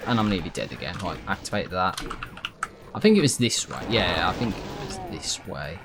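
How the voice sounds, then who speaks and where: A man's voice: deep voice, animated, normal speed. Rambling man over game music. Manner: rambling, self-correcting, swearing in bursts of frustration. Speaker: gaming YouTuber. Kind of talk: casual gameplay commentary.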